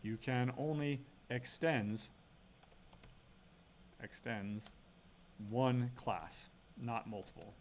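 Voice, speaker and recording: Middle-aged man, mid-pitched, casual university lecturer, chatty and thinking aloud, leans on "right?". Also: very slow, pauses often, a little hiss or hum. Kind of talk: recorded classroom lecture.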